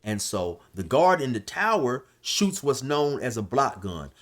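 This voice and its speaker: A man's voice: mid-range voice, big pitch swings, measured pace. A man casually telling a long prison story, rambling with restarts and fillers. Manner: loose, rambling, restarts, shouts when quoting others. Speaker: storyteller recounting prison life.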